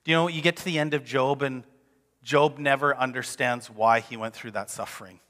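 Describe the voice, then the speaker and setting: Bright-voiced pastor preaching in a hall. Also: male voice, medium pitch, brisk. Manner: animated, conversational, acts out quotes. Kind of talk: sermon.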